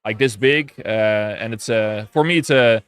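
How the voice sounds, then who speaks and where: A man being interviewed on a panel show, relaxed and joking, talking about his job with frequent fillers. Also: lowish voice, a little slow, clean tone, dry recording. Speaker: game publisher guest. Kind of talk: casual interview chat.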